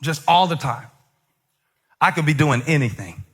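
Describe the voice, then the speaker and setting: A man's voice: fairly high pitch, lively intonation, normal speed, fairly bright tone, slightly rough. A middle-aged male pastor preaching a sermon in a conversational way, joking with the congregation and breaking into emphatic surges. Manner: jokes with the congregation.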